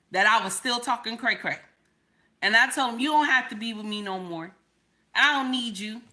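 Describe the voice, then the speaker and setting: A woman's voice: on the high side, pushed and bright. A woman, telling a personal story to viewers in a sassy, emphatic way and often checking in with "okay?". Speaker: relationship commentator.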